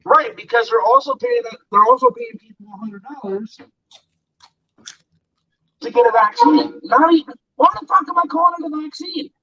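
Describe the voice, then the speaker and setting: A man's voice: very high-pitched, very animated, moderate pace, creaky, pauses often, bright, forceful tone. A man ranting angrily and profanely as co-host of an online talk show, speaking from his bedroom. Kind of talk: angry political rant. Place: bedroom at home. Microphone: distant from mic. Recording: dull lo-fi audio.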